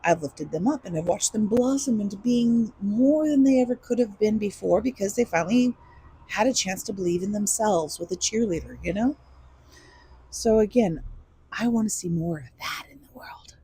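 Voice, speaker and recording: A woman's voice: medium pitch, normal speed, mellow, slightly rough, poor audio. A woman talking candidly and emotionally in a personal vlog, reflective and earnest, sometimes swearing. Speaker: vlogger.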